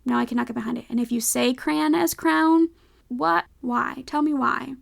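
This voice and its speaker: A woman's voice: high voice, fairly even intonation, normal speed, vocal fry. A woman hosting a casual podcast, a reading teacher talking in a chatty, playfully opinionated way full of fillers. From United States. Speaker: podcast host.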